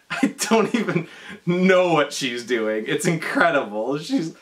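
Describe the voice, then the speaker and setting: A man's voice: a little high, big pitch swings, slow pace. A drunk young man in a comedy sketch, rambling through a movie plot with stumbles, restarts and giggles. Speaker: comedy performer.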